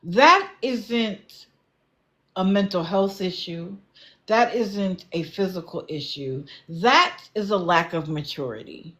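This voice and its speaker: A woman's voice: medium pitch, expressive, slow pace, sharp tone. A woman doing casual livestream commentary, blunt and lecturing, with an exasperated edge. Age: adult, not young.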